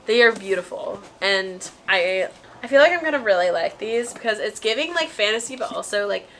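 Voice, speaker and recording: A woman's voice: mid-range voice, animated, fairly quick, fairly bright tone, slight background noise, rough recording. A young woman talking casually to her viewers about books, bubbly and chatty with lots of fillers. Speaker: book vlogger. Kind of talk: casual chat to camera.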